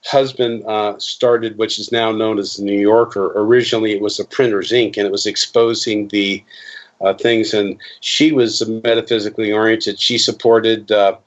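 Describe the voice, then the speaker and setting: A man's voice: lowish voice, moderate pace. A man in his fifties, an interview guest, telling stories in a rambling way with many restarts, and acting out the people he quotes. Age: 50s. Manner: animated, acting out quoted voices. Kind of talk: casual storytelling interview. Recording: dull lo-fi interview recording.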